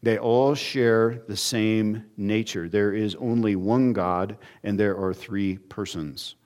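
A man's voice: on the low side, fairly even intonation, slow pace, a little mellow. Earnest male preacher. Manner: earnest preaching, voice rising when acting out quotes. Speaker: pastor. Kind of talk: expository sermon.

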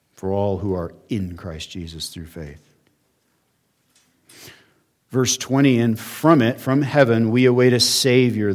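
A male pastor preaching a sermon in a church, earnest, with emphatic rises and quiet drops. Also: mid-range voice. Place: church sanctuary.

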